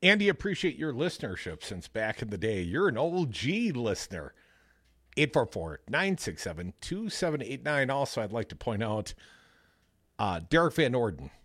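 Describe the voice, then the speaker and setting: Lively wry talk radio host man. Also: lowish voice, husky, dry recording, studio quality. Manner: wry, lively, takes callers. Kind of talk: casual political talk radio.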